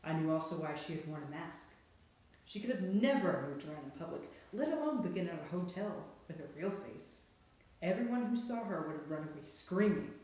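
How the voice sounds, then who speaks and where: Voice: mid-range voice, lively intonation, fairly quick, heavy reverb. A reader narrating a storybook aloud in a dramatic, suspenseful way. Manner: dramatic, hushed and then rising with suspense.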